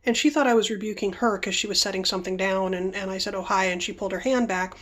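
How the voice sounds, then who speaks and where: Working with her hands as she talks, a female vlogger spins loose, chatty stories and interrupts her own thoughts. Her voice is mid-range and quick.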